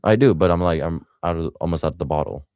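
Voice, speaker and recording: Laid-back male sidekick, low and mellow, dry close sound, halting delivery. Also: smooth, no echo. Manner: hesitant, mumbling, short replies. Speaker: co-host. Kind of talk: casual radio talk.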